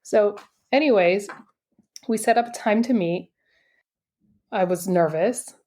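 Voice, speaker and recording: A woman's voice: mid-range voice, slow, darkish tone. A woman guest who works as an intuitive coach tells a story in a casual, chatty way. She acts out the dialogue with shifts in her voice and fills her speech with "like" asides. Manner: chatty, many "like" and "I'm like" asides.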